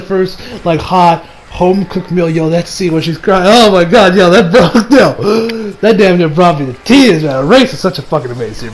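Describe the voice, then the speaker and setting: A man's voice: high voice, slight background noise, poor audio. A young man giving a casual, rambling anime review, full of slang and frequent laughter.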